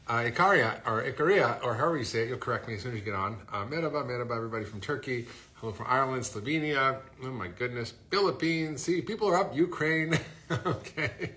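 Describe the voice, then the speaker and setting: Middle-aged guy doing a phone live stream, chatty and upbeat, bright voice. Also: medium pitch, a little hiss or hum. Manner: chatty, upbeat, reading out viewer greetings. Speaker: host. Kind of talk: casual livestream chat. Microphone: phone livestream.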